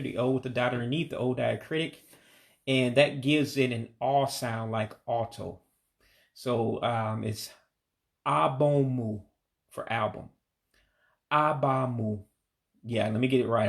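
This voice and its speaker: Gravelly-voiced man teaching pronunciation. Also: medium pitch. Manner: patient, repeats words slowly. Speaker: language learner teaching vocabulary. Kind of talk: pronunciation lesson.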